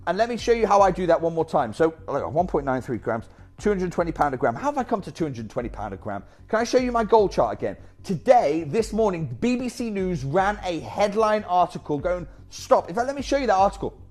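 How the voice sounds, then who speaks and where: A man presenting a live shopping channel, chatty and energetic with off-script asides. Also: sits high, fairly quick, faint music behind.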